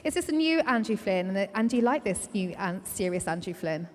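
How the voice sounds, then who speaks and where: A woman's voice: mid-range voice, big pitch swings, a little fast. A woman reporter interviewing athletes in a bubbly, teasing way. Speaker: trackside reporter. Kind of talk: sports interview. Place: indoor arena. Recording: reverberant arena.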